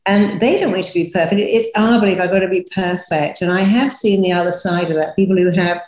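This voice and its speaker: A woman therapist, a guest on a podcast, giving reassuring advice in a relaxed, conversational way and acting out little quoted examples. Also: mid-range voice, fast, echoey room, rough recording.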